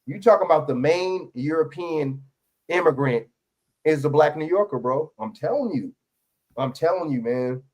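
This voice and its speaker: New guy going off on a podcast, kinda high voice, swearing a lot, keeps restarting. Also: expressive, normal speed, a little mellow. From New York. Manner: profane, heated ranting with many restarts. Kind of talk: heated political podcast chat.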